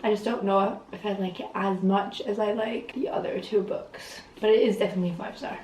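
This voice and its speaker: A woman's voice: medium pitch, steady tone, brisk, a little mellow, a little hiss or hum. Chatty young woman in a roomy bedroom. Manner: chatty, rambling, full of "like" fillers. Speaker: vlogger. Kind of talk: casual reading vlog chat. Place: messy bedroom. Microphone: phone camera.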